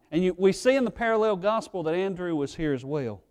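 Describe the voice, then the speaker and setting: A male pastor preaching a sermon. He swings from fervent, loud pleading to quiet, earnest low tones. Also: lively intonation, fairly quick, few pauses, clean tone. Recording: echoey hall reverb.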